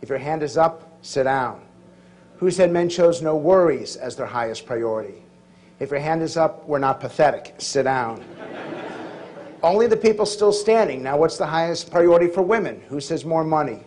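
A middle-aged man giving a lively speech to a live audience in a large hall, quizzing and joking with the crowd. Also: a little high. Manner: quick-witted, teasing the crowd with jokes and questions. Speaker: public speaker.

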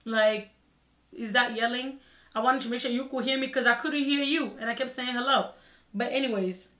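A young woman vlogger telling a personal story in a casual, expressive way, acting out her own side of the conversations. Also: a little high, brisk. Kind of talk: storytime vlog. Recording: echoey room.

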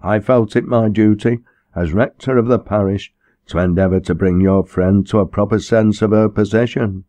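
A man's voice: on the low side, fairly even intonation, moderate pace, warm tone, dry recording, natural voice. A man voicing a self-important country rector who speaks in a formal, stiff and sonorous way.

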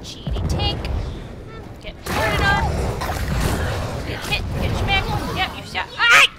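A woman streaming a video game and giving casual commentary, excitable and giggly, playfully trash-talking her opponents. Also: extremely high pitch, slow pace, vocal fry, over a noisy crowd, very noisy. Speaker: gaming streamer. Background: game music.

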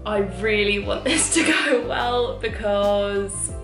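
A young woman with a London accent, chatting casually to camera in a cooking vlog, animated and full of quick asides. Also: medium pitch, creaky, music in the background. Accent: London English. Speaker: vlogger.

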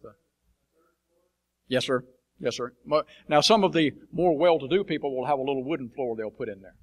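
A man's voice: medium pitch, normal speed. A man speaking as a missionary preacher, telling plain-spoken stories to a church congregation with a blunt, folksy manner and frequent fillers. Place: church sanctuary.

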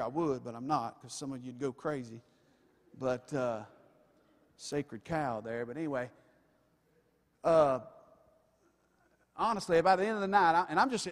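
High-voiced preacher in a reverberant church. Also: male voice. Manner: emphatic, folksy asides to the congregation. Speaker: pastor. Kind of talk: sermon. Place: church sanctuary. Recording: long reverb of a church hall.

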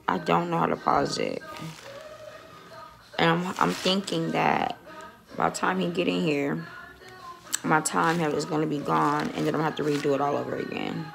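A woman's voice: deep voice, steady tone, normal speed, gravelly, pauses often, music in the background. A woman vlogging casually on her phone from a dentist's office, chatty and rambling and swearing often. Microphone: phone held close.

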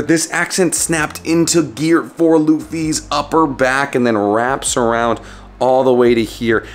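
A man hosting a collectibles channel, giving a casual, enthusiastic voice-over as he assembles a statue and points out its details. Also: mid-range voice. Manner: enthusiastic and detail-focused, conversational.

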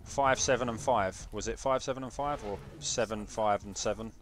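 A young British man doing excitable, jokey live gameplay commentary and chatting with his viewers. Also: lowish voice, moderate pace. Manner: excitable banter with chat, jokey. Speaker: game streamer.

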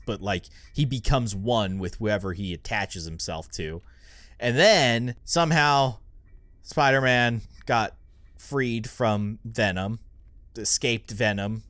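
A man's voice: fairly low pitch, a bit bright, dry recording. A young man hosting a gaming channel, rambling through let's play commentary and getting easily spooked.

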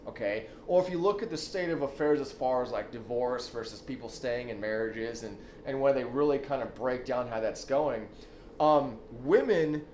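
A man coaching on dating in a casual, emphatic monologue, punctuating points with "okay?" and the odd swear. His pitch sits in an ordinary middle range. The room rings with echo, and faint background noise sits under him. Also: a little mellow. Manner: loose, emphatic, frequent "okay?" tags and swearing; swoops into high exaggerated demonstrations.

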